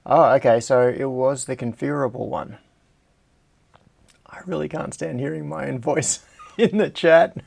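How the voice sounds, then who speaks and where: A man's voice: mid-range voice, steady tone, unhurried, creaky, pauses often, a little mellow, breathy edge. A middle-aged Australian man with a slight American tinge, hosting a casual livestream and thinking aloud as he works in his home workshop. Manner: rambling, self-mocking, talks to himself while tinkering. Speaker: host.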